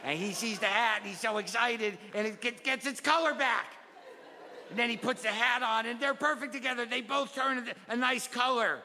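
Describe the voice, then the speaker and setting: A man's voice: very high voice, fairly even intonation, normal speed, pitched above the performer's own voice. A man on a comedy stage voicing a small child earnestly reading a favorite picture book in a naive, sing-song way. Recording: reverberant live club with crowd noise. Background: audience laughter.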